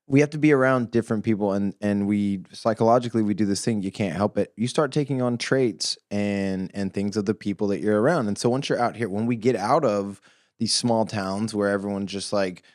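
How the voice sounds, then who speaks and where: A man's voice: on the low side, a little fast, a little mellow, no room sound, studio quality. A man from Oklahoma, a guest on a podcast, chatting casually and acting out the people he quotes in mocking voices.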